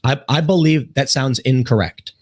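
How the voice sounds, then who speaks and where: A man hosting a talk show. He reads out viewer messages and tells stories in an animated way, acting out the lines of the people in them. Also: mid-range voice, moderate pace. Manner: animated storyteller who acts out quoted lines. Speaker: host reading super chats. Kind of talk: podcast conversation.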